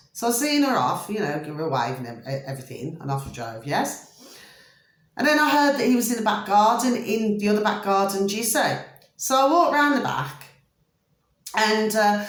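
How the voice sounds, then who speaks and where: A chatty woman rambles to her viewers in a casual vlog, warmly fond of them and always checking that they follow. Her voice leaps up for emphasis, then drops low into muttered asides. It is recorded in a bare, echoey room. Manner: swings between high emphatic bursts and low muttered asides. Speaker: vlogger.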